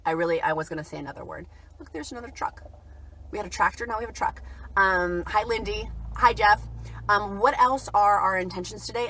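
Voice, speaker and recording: A keto vlogger on a livestream talks casually and cheerfully about her day, reading viewer comments aloud. Her mid-range, fairly bright voice moves at a normal speed, and the recording is dry. She's chatty and upbeat.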